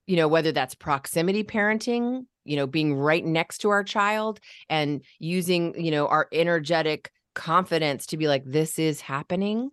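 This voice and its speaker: A woman talking casually about parenting on a podcast, demonstrating calm ways to speak to children. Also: sits low, normal speed, hardly any pauses, clean tone, no echo, clean studio sound. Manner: demonstrates vocal registers and calm commands.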